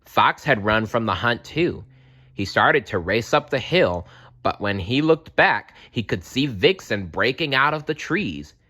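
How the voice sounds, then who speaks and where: A man reads a children's animal story aloud at an unhurried pace. His voice swings widely in pitch to bring the tale to life. The tone is bright and clear. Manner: slow, expressive read-aloud.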